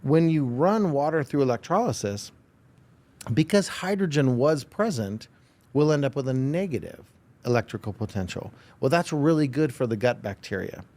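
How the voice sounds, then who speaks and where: A man being interviewed who tells a story in a lively way, acting out quoted dialogue, then explains technical details. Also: mid-range voice, normal speed. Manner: animated, acts out quoted dialogue. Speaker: podcast guest.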